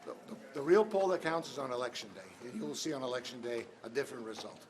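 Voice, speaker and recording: A man's voice: mid-range voice, animated, fast. Emphatic male politician in a scrum. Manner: emphatic, repeats "okay?". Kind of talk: press scrum answers. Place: busy hallway. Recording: noisy crowd around.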